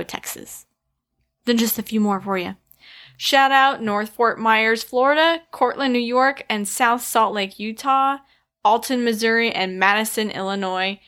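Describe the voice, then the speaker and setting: A woman co-hosting a casual podcast, chatty and quick to laugh as she reads out listener shout-outs. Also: fairly high pitch. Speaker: podcast co-host.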